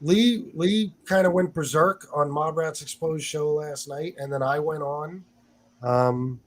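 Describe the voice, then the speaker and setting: A man's voice: on the high side, measured pace. A man hosting a casual livestream chat, talking loosely with plenty of swearing and fillers. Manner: loose and profane, with many fillers. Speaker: livestream host.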